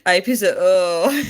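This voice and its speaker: A woman chatting casually on a live stream, giggling and reading out viewer comments. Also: lowish voice.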